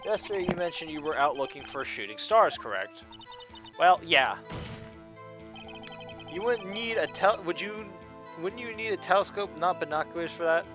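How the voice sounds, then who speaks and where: A man's voice: sits high, expressive, normal speed, long pauses, music in the background. A man voicing an earnest young male defense attorney who mutters to himself and argues emphatically. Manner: earnest, self-talking, emphatic.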